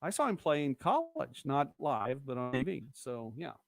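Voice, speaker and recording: A man's voice: medium pitch, sing-song, normal speed, vocal fry, no room sound. A middle-aged man hosting a casual live-stream, chatting and rambling as he reads viewer comments aloud. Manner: chatty, rambling, quotes movie lines. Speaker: host of a local live-stream show.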